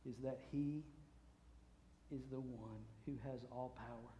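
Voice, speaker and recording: A man preaching a sermon, swinging from booming shouts to hushed asides. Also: fairly even intonation, takes it slowly, a little hiss or hum. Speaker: pastor. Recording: roomy echo.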